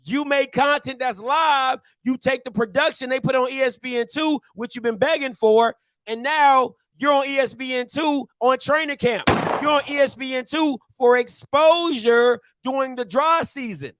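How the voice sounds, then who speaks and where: A man's voice: very high-pitched, moderate pace, hardly any pauses, a bit bright, no room sound. A male show host ranting animatedly in a casual morning-show talk, repeating his points and mocking others in put-on voices.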